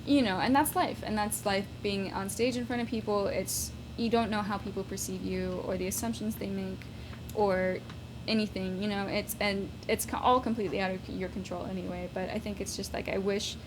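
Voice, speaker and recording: Soft-spoken giggly woman musician, noisy room. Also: medium pitch, steady tone, moderate pace. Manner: soft, thoughtful, giggly, many fillers. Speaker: musician guest. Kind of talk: casual late-night interview. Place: home. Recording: noisy home recording.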